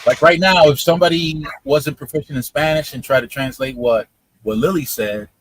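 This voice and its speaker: A man hosting a casual live stream, chatting with viewers in an animated way, laughing often and repeating his words. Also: a little high, normal speed, slight background noise. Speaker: livestream host.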